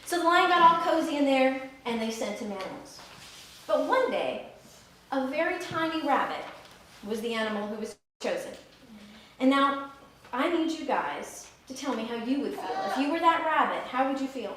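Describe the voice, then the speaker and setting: A woman leading a church service who tells a children's story, asks the children lively questions, and then announces the offering. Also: high voice, normal speed, a little hiss or hum. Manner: animated, coaxing questions to children. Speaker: worship leader telling a children's story. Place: church sanctuary. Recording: echoey sanctuary from far off.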